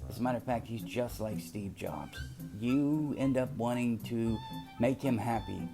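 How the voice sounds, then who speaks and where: A middle-aged man hosting a casual commentary monologue, talking emphatically and drifting into anecdotes. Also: lowish voice. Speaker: commentary channel host. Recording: music playing behind.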